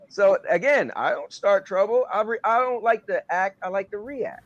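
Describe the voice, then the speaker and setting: A man's voice: high voice, normal speed, highs cut off. A young man chatting on a podcast, telling stories and acting out the people in them. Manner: animated storyteller acting out quotes. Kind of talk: casual chat.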